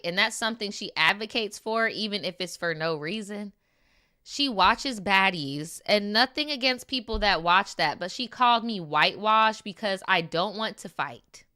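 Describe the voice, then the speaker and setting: A woman streamer reading viewer stories aloud and reacting in a casual, slangy, animated way. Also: medium pitch, clear, resonant tone. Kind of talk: casual chat and story reading. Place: lives in New York.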